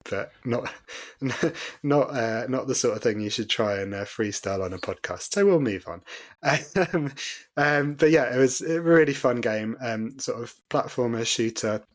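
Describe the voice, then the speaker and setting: A man's voice: medium pitch, normal speed. A man co-hosting a casual podcast, rambling and self-deprecating with lots of hesitations. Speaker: podcast co-host.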